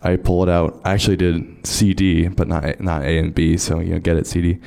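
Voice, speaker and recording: A man with a very low voice tells a long, funny story on a panel. He is casual and self-mocking, and he laughs at his own bad luck as he talks. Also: level tone, brisk, creaky, mellow. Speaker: DJ on a convention panel.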